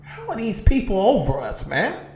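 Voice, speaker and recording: A man's voice: sits high, wildly swooping pitch, moderate pace, darkish tone, roomy sound, a little hiss or hum. A man teaching a religious class in a preaching style, emphatic and insistent, asking his listeners whether they understand. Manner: emphatic, constantly asks "you understand?" and says "man". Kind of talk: preaching lecture to a streamed class. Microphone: livestream computer mic.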